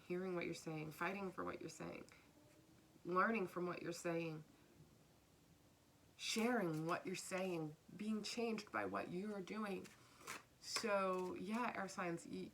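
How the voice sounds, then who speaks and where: A woman's voice: lowish voice, gravelly, a bit bright, slight background noise. A woman giving a casual spiritual tarot reading, earnest and repeating her phrases, sometimes dropping to a whisper. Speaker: tarot reader.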